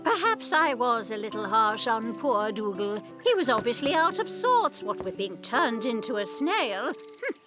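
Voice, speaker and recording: A woman's voice: on the high side, very animated, unhurried. A woman voicing a vain, gushing grand cow in a cartoon, theatrical and affected, calling everyone dear heart. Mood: coaxing. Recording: music playing underneath.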